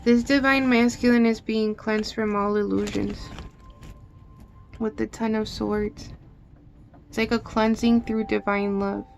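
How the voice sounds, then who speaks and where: A woman talks through a tarot reading in a loose, unscripted way. Her voice sits a little high and has a gravelly fry, and she swears freely while sounding openly emotional. Soft music plays in the background. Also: level tone, unhurried, long pauses. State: teary at times. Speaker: tarot reader. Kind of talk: casual tarot reading monologue.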